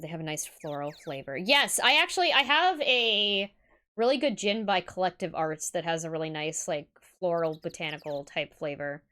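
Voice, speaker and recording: A woman's voice: on the low side, expressive, moderate pace, sharp tone, smooth. A woman streamer chatting casually and giggling with her viewers while reading a game aloud.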